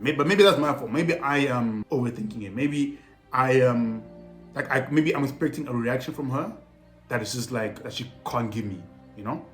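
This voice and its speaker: A young South African man telling a personal story to camera in a casual, animated way, heavy on slang and repeated phrases. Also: mid-range voice, normal speed. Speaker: storytelling vlogger. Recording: roomy echo with faint music.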